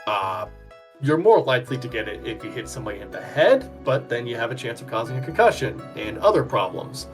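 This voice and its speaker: A man's voice: medium pitch, big pitch swings, a little fast, faint music behind. A man streaming, chatting casually with dry jokes and explaining things. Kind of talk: casual chat during a game voice-over.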